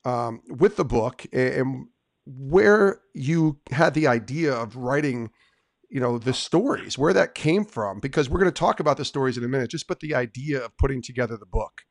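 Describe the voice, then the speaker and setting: A man's voice: mid-range voice, animated, moderate pace, creaky, no room sound, clean studio sound. A man hosting a podcast, eagerly introducing and questioning his guest in a casual interview. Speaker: podcast host.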